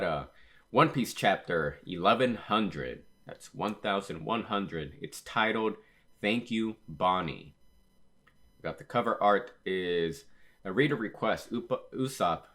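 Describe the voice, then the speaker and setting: A man with a very low voice talks through a comic chapter in a loose, rambling way. He paraphrases scenes with "he was all like" and trips over a word now and then before fixing it. It sounds like a relaxed reaction video host chatting to his viewers. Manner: frequent fillers and self-corrections. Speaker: manga reaction channel host. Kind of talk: casual reaction and read-aloud commentary.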